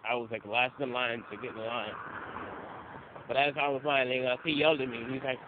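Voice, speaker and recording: A man's voice: mid-range voice, level tone, brisk. Young guy telling stories, swears a lot, sounds like a phone line. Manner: loose and profane, acts out quoted coaches. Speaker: interviewee. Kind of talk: casual storytelling. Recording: phone-like audio with faint noise.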